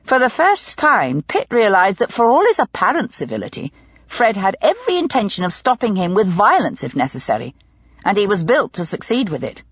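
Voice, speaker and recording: Husky-voiced woman narrating a mystery. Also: medium pitch, huge pitch swings, a little fast, dry recording, highs cut off. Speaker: audiobook narrator. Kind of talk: scripted narration.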